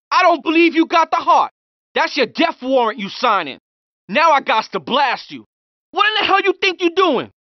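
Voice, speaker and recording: Cocky street criminal, high lively delivery, dry dull game sound. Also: male voice, no room sound, full character voice. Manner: slangy trash talk, threatening. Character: young male street criminal, brash and hostile. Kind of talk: game pedestrian voice lines.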